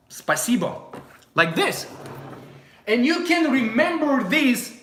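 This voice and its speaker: A young man with a Russian accent, a native Russian speaker, teaching a casual language lesson in a playful, animated way. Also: very high-pitched, slow, pauses often, reverberant, slight background noise. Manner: animated, playful, puts on voices in anecdotes.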